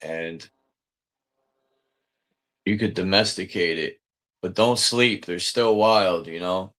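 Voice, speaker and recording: Man, low voice, casual chat host, rambling, profane, loose delivery. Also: slow, fairly bright tone.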